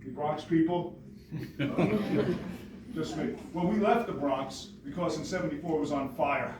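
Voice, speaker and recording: A man in his forties from New York, telling a personal story to an audience in a joking, lively way. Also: fairly high pitch, measured pace, a loud crowd. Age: 40s. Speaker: motivational speaker. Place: large hall with audience. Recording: echoey hall from far off.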